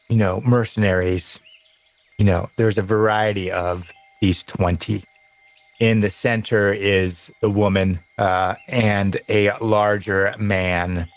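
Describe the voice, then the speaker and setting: A man narrating as game master of a tabletop game, rambling with frequent pauses and restarts. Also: low voice, poor audio.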